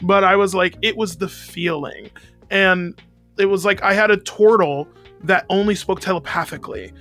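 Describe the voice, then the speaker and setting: A man's voice: high voice, moderate pace, fairly bright tone, soft background music. A man co-hosting a casual chat, agreeable and self-deprecating, laughing easily as he shares game-running tips. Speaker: podcast co-host and game master.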